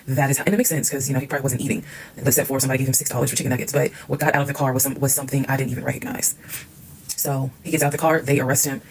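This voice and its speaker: A woman tells her story at a breakneck pace, candid and emphatic and quick to swear. Her voice is gravelly with fry and has a husky, raspy edge. It sounds like a casual storytime monologue. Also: extremely low pitch, a little mellow, poor audio.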